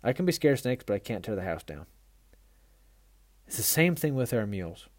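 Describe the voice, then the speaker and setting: A man's voice: lowish voice, sing-song, brisk, no room sound. A man who hosts a mule training tips show, telling a folksy, self-mocking story with frequent laughter and then turning it into a riding lesson.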